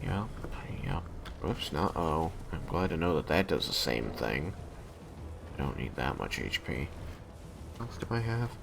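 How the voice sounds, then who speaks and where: A man's voice: a bass voice, lively intonation, unhurried, vocal fry, long pauses, background noise. A man co-hosting a podcast, chatting casually and dryly while playing a game together. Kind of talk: casual gameplay chat.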